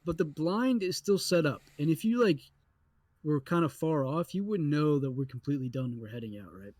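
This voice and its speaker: A young adult man co-hosting a podcast, telling a story in a casual, animated way with lots of swearing. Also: a little high, a little fast, dry recording. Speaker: podcast co-host.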